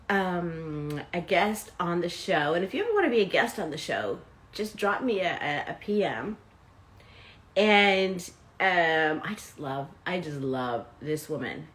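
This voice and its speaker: A woman's voice: lowish voice, a bit bright. A woman hosting a live motivational self-help talk, chatting directly with her viewers. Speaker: host and self-help coach.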